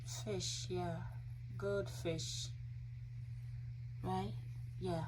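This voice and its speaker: A woman's voice: on the low side, flat delivery, extremely slow. A young mother vlogging at home at night, coaxing her toddler to name animals and candidly telling the camera how tired she is. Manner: coaxing, teaching a toddler words. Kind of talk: casual family vlog. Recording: noisy home recording.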